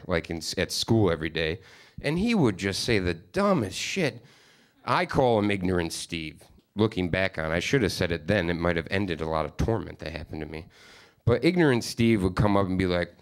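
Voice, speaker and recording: A man in his thirties from upstate New York performs a stand-up comedy set. His voice sits a little low. He rambles through self-deprecating stories, swearing freely as he goes.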